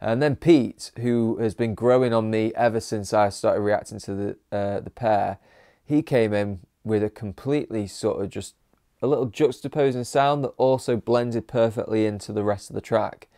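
A man's voice: on the low side, moderate pace, mellow, no room sound, clean studio sound. A man hosting a music reaction video, talking casually, joking and swearing freely.

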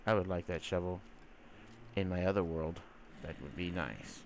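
A man's voice: low voice, lively intonation, moderate pace, creaky, slight background noise. A man giving casual, rambling gameplay commentary, full of fillers, who sometimes coos teasingly at the creatures in his game. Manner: rambling, chatty, filler-heavy; teasing baby-talk to game mobs. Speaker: gamer.

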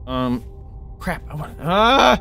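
A man streaming a video game live, reacting excitedly to what happens and chatting with his viewers. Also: mid-range voice, normal speed, faint music behind.

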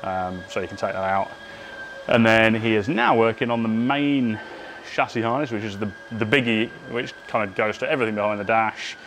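A man's voice: on the low side, normal speed, fairly bright tone, slight background noise. A man presenting a casual, chatty workshop update on a car build, upbeat and joking at his own expense. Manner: chatty and upbeat, self-deprecating jokes.

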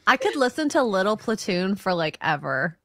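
A woman's voice: medium pitch, very animated, moderate pace, pushed and bright. A woman in a casual group chat, gushing and giggly.

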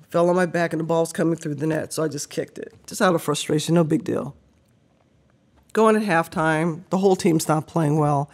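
A deep-voiced middle-aged woman, appearing as a podcast guest, tells an animated story, laughing often and acting out the voices of the people she quotes.

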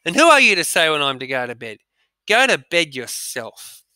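A man's voice: a little high, huge pitch swings, bright, forceful tone, clean tone, dry recording, full character voice. A man reading as a grumpy tired boy. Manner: snappy, slow dictation reading. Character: boy, tired, bad-tempered younger brother.

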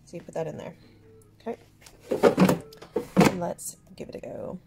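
A middle-aged woman chatting casually through a home cooking demo, upbeat and thinking out loud with fillers. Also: on the low side, normal speed, vocal fry, very noisy. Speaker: home cook vlogger. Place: home kitchen.

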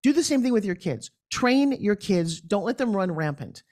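A middle-aged woman speaking as a guest in an interview, telling lively stories and acting out other people's voices. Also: moderate pace. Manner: acts out quoted voices with big pitch jumps. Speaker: guest, pitch expert. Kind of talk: animated storytelling interview.

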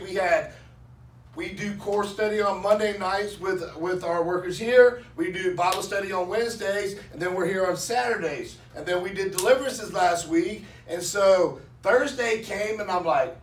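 Man, pastor, excitable sermon, high-pitched, roomy church hall, distant mic. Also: slight background noise. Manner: excitable, lively preaching. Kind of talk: sermon and prayer. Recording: echoey church from far off.

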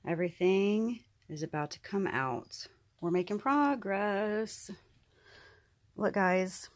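A woman's voice: medium pitch, expressive, slow. A woman in her thirties from the United States, chatting animatedly to the camera in a casual vlog. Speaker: vlogger.

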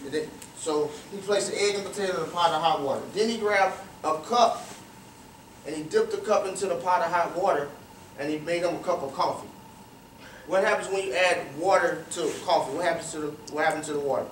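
The clip features a man with a slightly high voice speaking briskly, a guest speaker at a youth cricket academy telling motivational stories to a young crowd in a large room. He quizzes his listeners and repeats phrases for emphasis. There's a little hiss or hum, and the recording feels roomy and distant with faint ambience.

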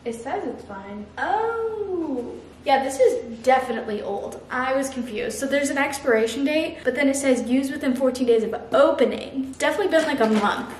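A woman's voice: high-pitched, expressive, moderate pace, echoey room, slight background noise. A woman in her twenties chatting casually to camera in her home kitchen as a vlogger. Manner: chatty, talks to camera while cooking. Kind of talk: casual vlog chat.

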